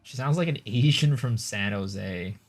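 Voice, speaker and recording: American dude streaming, rambles and talks back to chat, voice jumps up and down. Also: male voice, lowish voice, expressive, measured pace. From United States. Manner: rambling, restarts, reads and answers chat.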